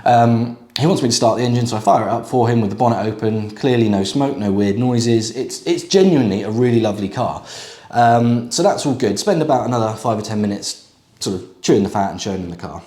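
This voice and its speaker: A man's voice: medium pitch, brisk, dark tone, roomy sound. A middle-aged man, a used car dealer, casually telling a story to camera with lots of fillers and asides. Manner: chatty, conversational, with frequent fillers and asides.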